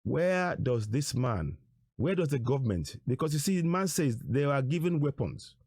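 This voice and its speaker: A man's voice: mid-range voice, very animated, normal speed, a little mellow, breathy edge, dry recording, studio quality. A man giving emphatic online commentary on material shown on screen, repeating his rhetorical questions and phrases. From Nigeria. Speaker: political commentator.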